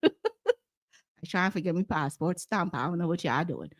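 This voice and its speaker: Guyanese woman, animated storyteller, plays every voice in her tale, dry close sound. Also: on the low side, normal speed, no echo. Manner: animated, acts out quoted voices. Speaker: guest. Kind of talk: casual storytelling.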